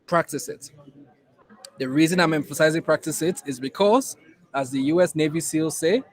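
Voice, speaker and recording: A man's voice: on the high side, moderate pace, a crowd in the background, poor audio. A man with a Nigerian accent teaching a class in an emphatic way, repeating key points to drive them home. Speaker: innovation program instructor. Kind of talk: classroom lecture.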